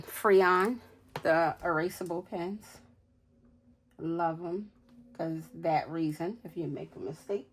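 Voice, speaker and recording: A woman's voice: on the low side, slightly rough. A woman in her forties from New York City, chatting casually and counting money aloud as she tells stories. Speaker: budgeting vlogger. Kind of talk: casual chat while cash stuffing.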